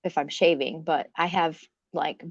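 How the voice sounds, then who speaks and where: A woman hosting a casual chat, relaxed and laughing easily. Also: sits low, measured pace, husky, no room sound. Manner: relaxed, laughs easily, screen-sharing clips. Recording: dull muffled audio.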